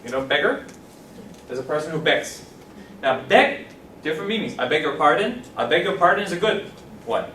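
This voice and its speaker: A man with a fairly high voice teaches an English class, lively and repeating phrases slowly so students can follow. He is picked up from across an echoey classroom, and a faint room hum sits underneath. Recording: roomy classroom from a distance.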